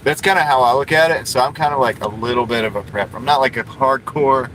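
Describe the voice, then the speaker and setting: A man streams live from a parked car, reading viewer comments in loose, filler-heavy chatter. He talks quickly in a medium, slightly bright voice, and the poor audio has some hiss or hum.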